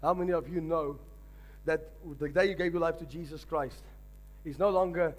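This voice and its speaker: A man's voice: fairly high pitch, fairly quick. A man, a pastor, preaching a sermon emphatically and calling on the congregation to respond.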